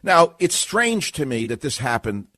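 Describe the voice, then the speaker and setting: A man's voice: medium pitch, very animated, measured pace, sharp tone, dry recording. A man hosting a radio talk show, ranting sardonically in a monologue.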